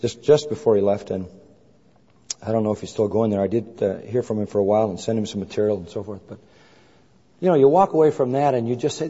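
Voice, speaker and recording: Preacher telling a story in a reverberant hall. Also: male voice, fairly low pitch, fast talker, breathy edge. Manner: animated storyteller acting out dialogue. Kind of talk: sermon storytelling. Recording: muffled hall recording with long reverb.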